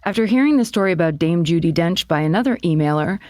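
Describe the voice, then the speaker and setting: A woman co-hosting a podcast, chatting and reading a listener email with quick asides. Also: on the low side, lively intonation, darkish tone, no room sound, clean studio sound. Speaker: podcast co-host.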